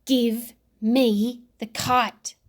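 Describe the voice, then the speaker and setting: A woman's voice: extremely high pitch, little pitch movement, slow, pushed and bright, voice pushed up, exaggerated voice. A woman voicing a spoiled, demanding little girl who snaps and screams for what she wants. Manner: snapping, hissing, screaming demands.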